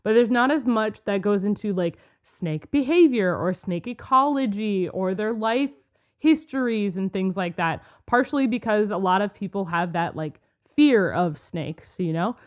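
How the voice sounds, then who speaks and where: A woman co-hosting a podcast in a relaxed, chatty way. She explains things with lively energy and laughs easily, her voice sitting in a middle pitch. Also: moderate pace, muffled recording. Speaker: podcast co-host. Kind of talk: casual chat.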